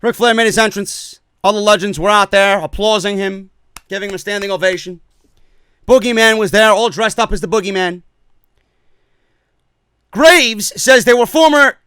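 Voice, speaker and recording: A man's voice: sits high, moderate pace, fairly bright tone, smooth, no room sound. A man ranting his way through a wrestling show review, profane and sarcastic.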